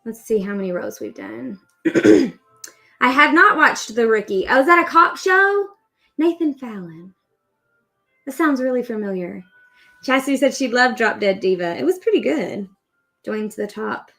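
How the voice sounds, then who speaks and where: This woman in her thirties has a voice on the high side and a bit bright. She runs a crochet livestream, keeping up cheerful, meandering chatter while she crochets.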